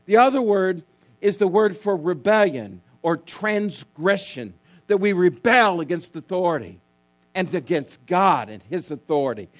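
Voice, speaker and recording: A male pastor delivers a sermon in a high, unhurried voice. He leans on key words and repeats them for emphasis, calling on the congregation to answer. A faint hum sits under the recording. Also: lively intonation.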